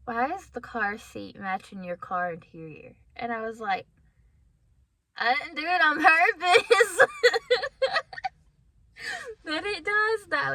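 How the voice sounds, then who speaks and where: A woman talking casually and with deep feeling in a personal vlog from her car, at times close to tears and worn down by a headache. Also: bright, forceful tone. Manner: emotional, heartfelt, tearful at times. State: has a migraine. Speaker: vlogger.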